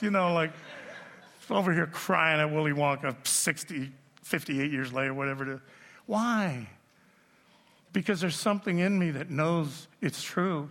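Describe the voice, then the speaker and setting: A man in his sixties delivers a sermon in a bright, gravelly voice. He tells stories with animation and teases his congregation. The sound carries the long reverb of a large church hall. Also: fairly high pitch, measured pace. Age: 60s. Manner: animated storytelling, jokes with the audience. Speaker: pastor. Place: church auditorium.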